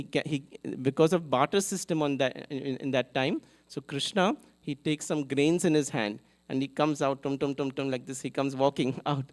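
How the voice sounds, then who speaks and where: A man giving a sermon in a temple hall, telling a story in an animated way, acting out its characters and asking the audience questions. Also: fairly high pitch. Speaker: temple speaker. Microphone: live event mic.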